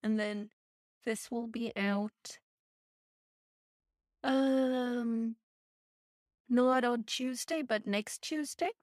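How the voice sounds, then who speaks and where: An American woman hosts a podcast from a remote call, speaking slowly and warmly with a somewhat high voice. The sound is close and dry, with no room around her. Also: no echo. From United States. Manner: unhurried, friendly, laughs easily. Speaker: podcast host. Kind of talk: casual chat wrapping up a remote conversation. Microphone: headphones on a remote call.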